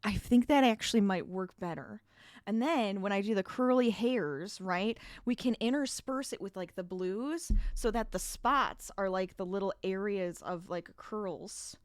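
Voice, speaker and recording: A woman's voice: mid-range voice, a little slow, no echo, clean studio sound. A woman chatting casually on a livestream while she crochets, laughing often and trailing off mid-sentence, a little out of breath. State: a bit out of breath.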